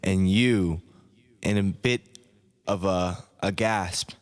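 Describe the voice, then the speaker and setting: Slow, deep-voiced man doing parody hypnosis. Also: fairly even intonation. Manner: slow, soft, second-person hypnotic narration. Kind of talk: parody sleep hypnosis narration. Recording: long hall reverb.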